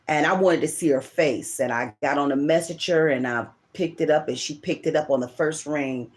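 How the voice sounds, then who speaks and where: Brisk and barely pausing, this middle-aged woman talks in a low, darkish voice. She reads tarot and hosts a channel, and here she tells a personal story in a rambling, emotional manner with frequent repetition.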